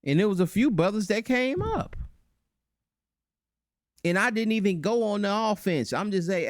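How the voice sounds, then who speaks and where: Male host, reaction commentary, raised pitch, animated and mocking, dry close mic. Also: normal speed, pauses often, no room sound. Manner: animated, mocking, breaks into voices to make points. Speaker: channel host.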